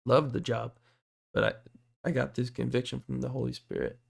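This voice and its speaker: Young man, mid pitch, very gravelly, hoarse, earnest testimony storyteller. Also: normal speed. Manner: earnest, excitable storytelling with fillers. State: voice going hoarse. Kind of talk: personal faith testimony.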